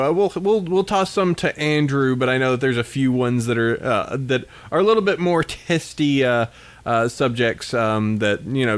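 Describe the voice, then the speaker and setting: A man hosting a casual podcast, laughing often and reading out listener email. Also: mid-range voice. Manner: laughing, animated, reads listener emails aloud. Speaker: podcast host.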